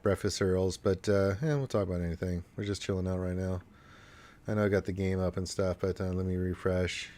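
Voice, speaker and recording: A congested man with allergies, hosting a casual gaming livestream and rambling with cursing asides. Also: on the low side. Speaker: livestream host.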